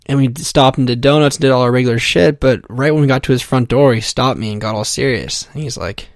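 A man's voice: medium pitch, quick pace, dry recording, studio quality. A young man telling a comic personal story in a casual, profane, self-mocking way, full of fillers. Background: music.

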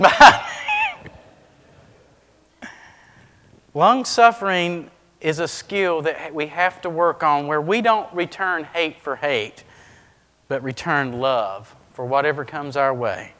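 High-voiced preacher in a reverberant hall. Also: male voice, slow, long pauses. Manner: animated, acts out scenes with shifting voice. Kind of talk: sermon.

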